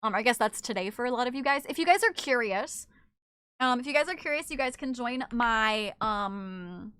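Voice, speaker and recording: A woman streamer hangs out with her viewers late at night, answering their messages. She is playful and teasing and swears freely. Her voice sits high and sharp, and a close mic keeps it dry. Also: lively intonation, a little fast, clean tone, no echo. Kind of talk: casual live-stream chat, reading chat aloud.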